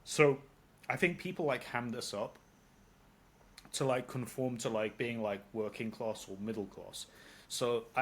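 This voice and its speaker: A man from London with a British accent, in his thirties, giving a casual interview answer full of fillers and casual swearing. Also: medium pitch. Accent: British English. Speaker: interview guest.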